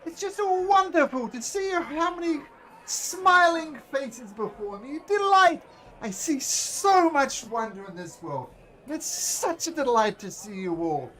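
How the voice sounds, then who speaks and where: A man's voice: very high-pitched, very animated, measured pace, a bit bright, pitched above the performer's own voice, exaggerated voice. A man voicing a flamboyant circus ringmaster who announces in a grand showman manner. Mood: gushing. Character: flamboyant male circus ringmaster, showy and booming.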